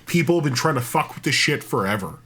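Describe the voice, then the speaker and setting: Animated, swearing podcast co-host man. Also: medium pitch, fast, slight background noise. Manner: animated, profane, rambling with restarts. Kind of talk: casual chat.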